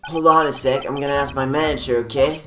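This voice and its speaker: A man voicing a spacey, laid-back male TV actor who talks loudly with an airy drawl, heard from a distant mic with game music behind. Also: mid-range voice, steady tone, fast talker, echoey room, natural voice.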